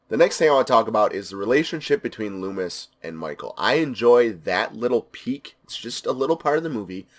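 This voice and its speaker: A man giving a casual spoken movie review, enthusiastic and repeating words for emphasis. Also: lowish voice.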